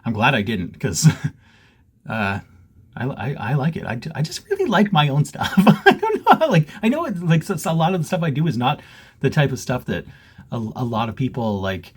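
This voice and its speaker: A man's voice: medium pitch, big pitch swings, normal speed, breathy edge. A man chatting casually to camera from his basement, joking, self-mocking and laughing often. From Canada. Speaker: cross-stitch vlogger. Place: home basement.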